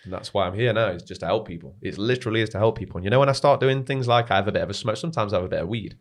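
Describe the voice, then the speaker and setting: A young man rattles through a personal story at a quick clip. His voice sits on the low side, and his talk is loose and animated, with "mate" and the odd swear word thrown in. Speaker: podcast guest. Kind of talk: casual storytelling.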